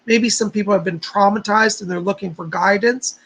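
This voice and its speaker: A man hosting a casual psychic livestream, with a gravelly, husky voice. He greets viewers by name in an easygoing, chatty way. He also leads a meditation and gives quick readings. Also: high voice, fairly even intonation, fairly bright tone, low-quality recording.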